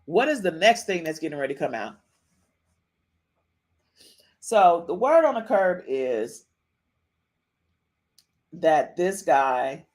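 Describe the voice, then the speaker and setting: A woman's voice: on the low side, a little mellow. Chatty woman podcast host. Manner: chatty, repeats phrases, frequent "okay?" tags. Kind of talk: casual live-stream commentary.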